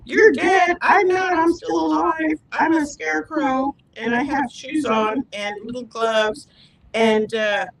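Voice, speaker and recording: Woman doing a cheeky, high scarecrow. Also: fairly even intonation, slow, over a noisy crowd, rough recording. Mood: teasing. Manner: teasing, mocking laugh. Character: cheeky laughing scarecrow guy.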